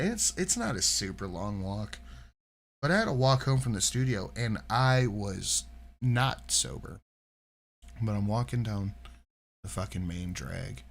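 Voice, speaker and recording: Animated, profane man telling stories. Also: fairly low pitch, creaky, a little hiss or hum. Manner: animated, profane, acts out quoted voices. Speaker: podcast co-host reacting to videos. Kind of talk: casual chat, storytelling.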